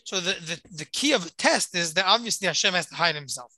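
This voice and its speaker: A man teaching a religious lesson and telling a story, halting and often repeating his words. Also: sits high, expressive, pushed and bright, no room sound, low-quality recording. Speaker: Torah teacher.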